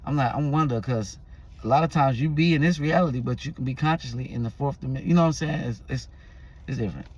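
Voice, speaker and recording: A man's voice: medium pitch, fast talker, a little mellow, slightly rough. A man vlogging, telling a story in a loose, rambling casual way with restarts and fillers.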